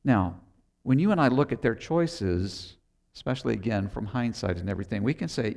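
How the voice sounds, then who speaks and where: A man's voice: mid-range voice, lively intonation, normal speed, gravelly, darkish tone. A man preaching a sermon, retelling a Bible story conversationally and acting out the characters' lines. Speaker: pastor.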